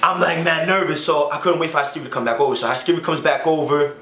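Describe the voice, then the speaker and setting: A man's voice: on the high side, quick pace. A young man telling a casual story, acting out the quotes in slangy talk. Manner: animated, acts out quotes, slangy. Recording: echoey room with faint noise.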